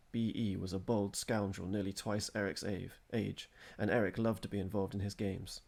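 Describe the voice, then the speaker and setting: A man reading a story aloud, steady and measured. His voice is low and gravelly with a husky edge. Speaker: narrator.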